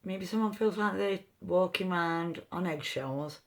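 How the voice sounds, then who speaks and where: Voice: medium pitch, measured pace. A rune reader giving a meandering, free-associating reading with chatty asides. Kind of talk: slow intuitive card-style reading.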